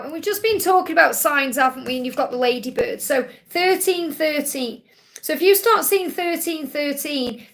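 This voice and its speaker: Reassuring Stoke-on-Trent woman reading cards. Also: high-pitched. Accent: Stoke-on-Trent English. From England. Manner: gentle, reassuring, repeats key phrases. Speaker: card reader answering viewer questions. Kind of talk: live-stream Q&A with card readings.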